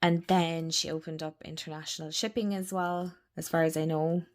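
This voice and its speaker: Gushing Irish woman, lowish voice. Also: level tone, normal speed. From Ireland. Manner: gushing, chatty, rambling with fillers. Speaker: tarot and oracle deck channel host. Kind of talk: casual deck review chat.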